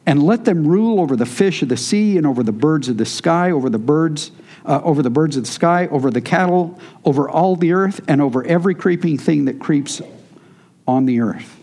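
A man preaching to his congregation in a relaxed teaching manner. His voice sits high for a man yet sounds mellow and dark in tone. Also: a little fast. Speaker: pastor. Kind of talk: sermon.

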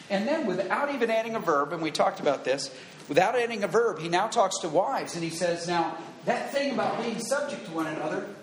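A high-pitched male pastor delivers an earnest teaching sermon, quoting scripture and hammering points through repetition. His voice rings in an echoey church hall over a faint background hum. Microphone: wired handheld or lapel mic. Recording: echoey room with faint ambience.

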